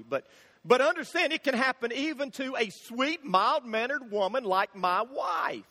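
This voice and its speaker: A man preaching a sermon, telling funny stories in an animated way and acting out the shouting in them. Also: extremely high pitch, measured pace. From Florida, USA. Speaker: pastor. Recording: long hall reverb.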